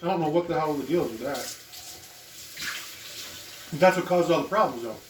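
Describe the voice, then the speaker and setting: A man's voice: on the high side, brisk. A man chatting casually at a breakfast table, joking and swearing, often laughing. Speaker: family member at breakfast. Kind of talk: casual chat. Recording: roomy, distant, noisy table recording.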